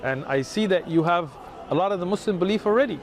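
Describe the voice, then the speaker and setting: A man's voice: high voice, expressive, fast. A man, earnestly explaining his faith to a passer-by in a street conversation outdoors in a city. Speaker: religious outreach volunteer.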